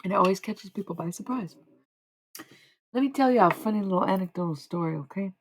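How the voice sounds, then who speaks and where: A woman's voice: medium pitch, quick pace, a little hiss or hum, poor audio. A woman streaming live as a self-described medium, musing in a meandering way and often stopping to correct herself. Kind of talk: rambling livestream monologue.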